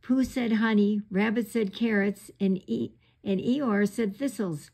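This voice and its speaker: A woman's voice: mid-range voice, a little slow, creaky, a little mellow. A woman reading aloud and voicing Roo, a small, eager young male kangaroo from a storybook.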